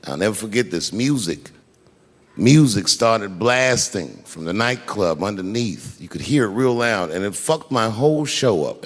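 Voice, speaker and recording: A man doing stand-up comedy, telling a story in an animated, profane way. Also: fairly low pitch, in a large hall.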